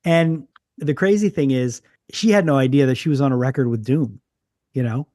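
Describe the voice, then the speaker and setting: A man from Canada hosts a relaxed podcast interview, rambling through stories and restarting his sentences. His voice is mellow and dark, at a middle pitch for a man. The recording is dry and close. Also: moderate pace, dry recording. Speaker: podcast host. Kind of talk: casual interview chat.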